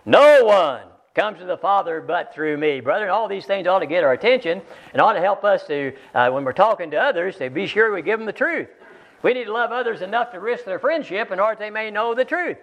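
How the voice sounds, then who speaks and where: High-voiced man preaching emphatically. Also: animated, fast talker. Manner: emphatic, repeats key phrases for weight. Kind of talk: sermon. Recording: dull lo-fi sermon recording.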